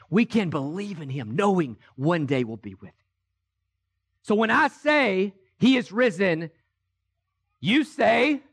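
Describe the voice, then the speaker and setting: A high-voiced man delivers an Easter sermon as pastor. He moves between quiet, drawn-out lines and passionate shouts. The sound is of a church service. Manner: impassioned, swings from hushed to shouted. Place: church sanctuary.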